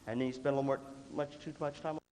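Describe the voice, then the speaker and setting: A man giving a joking, animated leadership workshop to a student audience in a large hall. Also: mid-range voice. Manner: animated, joking, acts out quick voices and sudden shouts. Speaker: leadership speaker. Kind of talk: motivational workshop talk. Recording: echoey hall, faint room noise.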